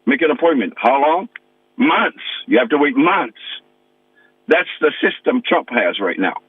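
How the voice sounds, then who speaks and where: A man's voice: medium pitch, very animated, unhurried, slightly rough, no room sound. Impassioned older man on a phone line. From American Samoa. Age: 60s. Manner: emphatic, impassioned complaint. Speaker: caller, pastor and veteran. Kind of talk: phone-in call to a radio show. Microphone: telephone. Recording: tinny phone line, dry.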